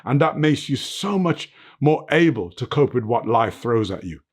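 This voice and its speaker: A man's voice: mid-range voice, big pitch swings, normal speed, breathy edge. Older male guest, emphatic motivational speaker, earnest, "right?" tags, at home. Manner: emphatic, earnest, preaching life lessons; tags points with "right?" and "you know what". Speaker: interview guest, fitness motivator. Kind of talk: reflective motivational interview talk. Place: his home, under film lights.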